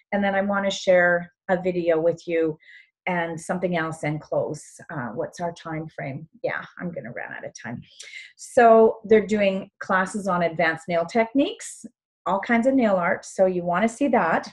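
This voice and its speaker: A middle-aged woman hosting a beauty show, chatting enthusiastically and getting choked up at times. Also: fairly low pitch. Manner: enthusiastic, gets emotional and tearful. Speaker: show host. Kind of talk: casual chat.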